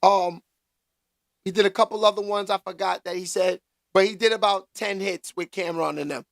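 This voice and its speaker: A man's voice: high voice, steady tone, moderate pace, gravelly, no echo, studio quality. A man hosting a casual commentary vlog, talking in slangy, emphatic bursts and repeating catchphrases.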